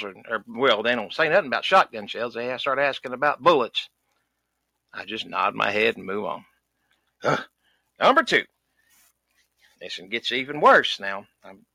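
Here the same recurring comedy character, a cranky rural Southern duck hunter of middle age, is heavily acted by a man with a creaky, sharp, medium-pitched voice. There's no room sound as he rants loudly and folksily, sighing in exasperation and using country grammar.

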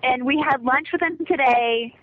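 Young woman, rambling caller, phone-line sound, slightly high. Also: normal speed. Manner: chatty, rambling. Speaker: podcast co-host calling in. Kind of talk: casual chat. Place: outdoor ballpark.

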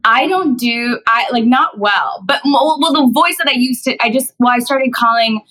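A woman's voice: on the high side, normal speed, fairly bright tone, low-quality recording. Bubbly, rambling young woman guest. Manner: bubbly, giggly, rambling with many restarts. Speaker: podcast guest, actress and singer. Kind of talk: casual interview chat.

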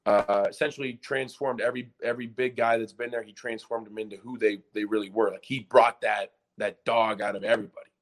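A man in his twenties, a podcast guest and former college basketball player, telling a story in a casual, animated way with lots of "like" and restarts. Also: fairly low pitch, a little fast, few pauses.

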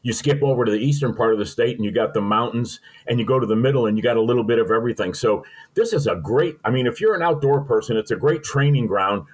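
A man's voice: mid-range voice, fast talker, few pauses, a little mellow, rough recording. An older man from Missouri, a guest telling folksy, sentimental stories in an interview. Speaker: podcast guest. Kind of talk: storytelling interview.

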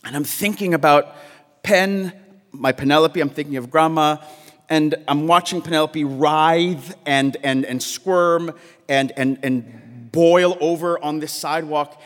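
A man telling a personal story on stage, halting and repeating words, often laughing as he speaks. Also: fairly high pitch, fairly bright tone, in a large hall.

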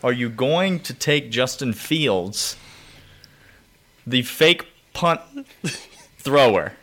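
A man on a sports podcast with an everyday middle-pitched voice. He ribs his co-hosts with exaggerated outrage. He also handles the host's segment sign-offs. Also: lively intonation, drawn-out words, pushed and bright. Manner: wry, mock-outraged ribbing. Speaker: podcast co-host. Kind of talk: casual sports chat.

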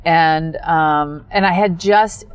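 A middle-aged woman telling stories in a dry, understated way, pausing often on ums in casual chat. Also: low-pitched, smooth, no echo, low-quality recording. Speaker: guest.

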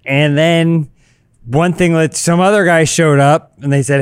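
A man at a tabletop game, rambling through a joking tale and laughing along. His voice sits a little high and sounds dry and close, with no room around it. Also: fairly even intonation, unhurried, smooth, no room sound. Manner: jokey, rambling, laughs often. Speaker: player. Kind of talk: tabletop role-play chat.

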